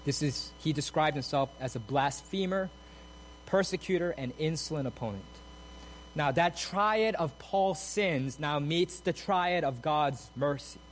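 Guy preaching in church, pretty high voice, gets emphatic and builds up his lines, low hum behind. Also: measured pace, rough recording. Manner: emphatic, builds to soaring repeated phrases; explains the text in a steady teaching tone. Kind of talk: sermon. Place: church sanctuary.

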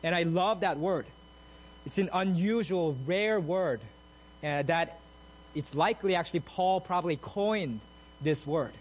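High-voiced man preaching a sermon. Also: measured pace, slight background noise, rough recording. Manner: emphatic, builds to soaring repeated phrases; explains the text in a steady teaching tone. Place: church sanctuary.

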